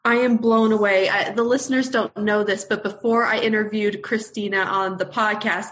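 A woman's voice: mid-range voice, steady tone, normal speed, a bit bright, a little hiss or hum. A woman interviewing a guest on a podcast, effusive and affirming in her praise. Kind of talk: warm supportive interview.

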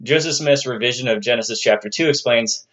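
Man, mid-pitched, explaining scripture in a relaxed lecture, somewhat dull recording. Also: a little fast. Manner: conversational, occasionally puts on playful voices for quoted figures. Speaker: religious studies lecturer.

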